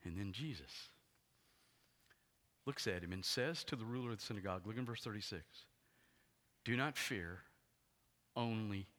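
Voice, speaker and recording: A man preaching a sermon as a pastor, retelling the story dramatically and swinging from hushed tones to loud ones. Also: lowish voice. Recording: long hall reverb.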